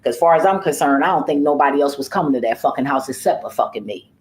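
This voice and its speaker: A woman's voice: low-pitched, animated, fast, a little mellow, poor audio. A woman who works as a home care worker, talking casually in a vlog. She tells her story in a profane, rambling way, often trailing off and starting over.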